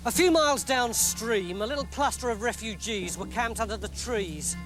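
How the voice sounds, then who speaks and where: English man with a high, lively voice. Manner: lively, mock-dramatic. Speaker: storyteller. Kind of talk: comic scripted narration.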